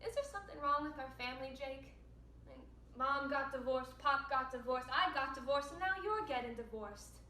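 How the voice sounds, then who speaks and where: A woman's voice: high voice, normal speed, bright, forceful tone, slight background noise. A young woman performing a stage monologue as a caring, chatty sister with wry asides. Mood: tender. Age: late teens. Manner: wry, self-mocking asides. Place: home room over video. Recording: echoey room, distant mic.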